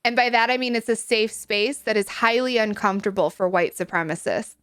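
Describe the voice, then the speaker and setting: A woman's voice: fairly high pitch, brisk, a bit bright, clear, resonant tone. A young woman streamer chatting casually while playing a game, in a chatty, self-deprecating, giggly way. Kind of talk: casual gameplay chat.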